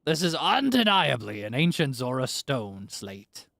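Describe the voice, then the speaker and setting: A man's voice: mid-range voice, big pitch swings, unhurried, creaky, a bit bright, full character voice. A man voicing a pompous male fish-folk historian in a grandiose, pirate-like reading voice.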